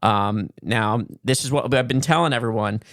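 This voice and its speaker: A man's voice: medium pitch, moderate pace, fairly bright tone, no echo, studio quality. A man co-hosting a podcast, chatting casually and riffing through a sponsor read with loose fillers. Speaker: podcast co-host.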